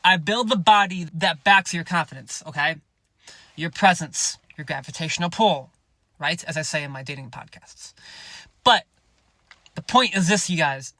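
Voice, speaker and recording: A man's voice: fairly high pitch, moderate pace, sharp tone, no echo. A man, a fitness coach hosting his own podcast, talking bluntly and sarcastically with plenty of swearing and lots of "you guys.". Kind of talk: podcast monologue.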